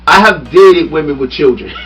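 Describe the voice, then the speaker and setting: A man hosting a casual podcast chat, animated and laughing often, building his points with questions to his guest. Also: a little high, a little slow, far from the mic, low-quality recording. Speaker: podcast host. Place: studio room with a small audience.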